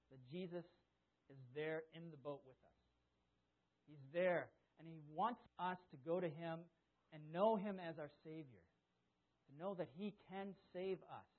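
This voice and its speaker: A man preaching a conversational sermon at a church service, asking the congregation questions and acting out quotes loudly. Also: a little high. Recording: tinny, phone-like sound.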